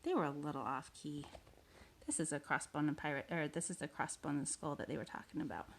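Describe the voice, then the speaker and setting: A woman reading a picture book aloud for preschoolers at home, expressive, with asides to her listeners. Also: low-pitched, brisk, slight background noise. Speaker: children's story reader. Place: home room.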